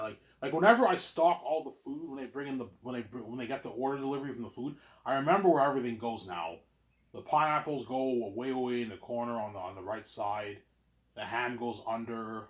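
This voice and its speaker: A man's voice: medium pitch, echoey room. A young man rambling in a casual vlog monologue, repeating words and restarting his sentences often. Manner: repetitive, stammering restarts. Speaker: vlogger.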